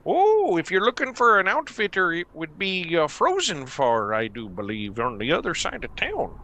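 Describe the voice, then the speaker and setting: A man's voice: high voice, wildly swooping pitch, normal speed, sharp tone, voice pushed up, exaggerated voice. A man voicing a folksy small-town guard with a Minnesota accent. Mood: chatty.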